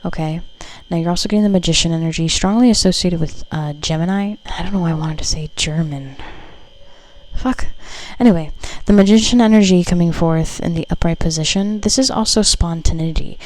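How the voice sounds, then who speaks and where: A woman's voice: on the low side, a little fast, darkish tone, rough recording. A woman doing a casual tarot reading for her viewers, chatty and loose, full of fillers and the odd swear word. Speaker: tarot reader.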